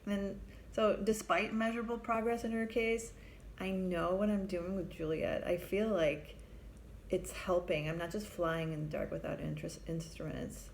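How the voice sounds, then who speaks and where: A middle-aged woman telling a true story from her work as a family therapist. Her voice sits low and carries a gravelly fry. She speaks candidly and reflectively, in an easy conversational way, with a faint hiss in the background. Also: level tone, moderate pace, a little mellow. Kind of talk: personal storytelling to an audience.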